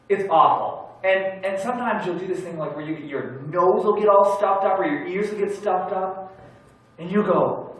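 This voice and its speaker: A man preaching a sermon as pastor, candid and self-deprecating with jokes, swinging between loud emphasis and quiet asides. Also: high-pitched, moderate pace. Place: large church sanctuary. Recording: echoey church hall from far off.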